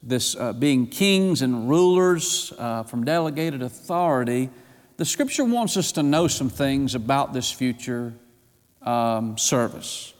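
A man's voice: medium pitch, expressive, takes it slowly, big-room sound. A man preaching a sermon to his congregation, emphatic and firing rhetorical questions at them.

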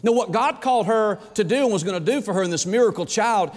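A man's voice: high-pitched, fast talker, darkish tone. A man preaching a sermon as pastor, folksy and emphatic, asking the congregation rhetorical questions. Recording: echoey hall reverb.

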